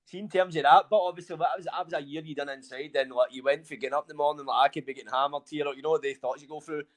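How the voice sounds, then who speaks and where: A man's voice: on the high side, steady tone, racing. A man hosting a live chat, casual and agreeable, often dropping in "aye". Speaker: host.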